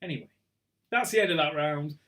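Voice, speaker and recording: A man's voice: on the high side, a little fast, sharp tone. A man hosting an online quiz night casually, reading out questions and answers and joking about tripping over his words. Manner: chatty, self-mocking, trips over words. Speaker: quiz host.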